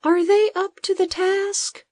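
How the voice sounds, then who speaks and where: A woman's voice: very high-pitched, steady tone, takes it slowly, a little mellow, dry recording, voice pushed up. A woman voicing a nervous small male animal assistant who hops about and pleads anxiously, in a storybook reading. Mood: pleading.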